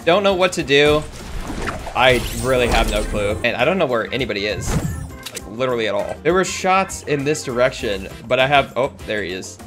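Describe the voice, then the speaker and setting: Excitable man narrating his gameplay. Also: mid-range voice, a little fast, music in the background. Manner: excitable, jumpy reactions, talks to opponents. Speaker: gaming YouTuber. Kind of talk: live gameplay commentary.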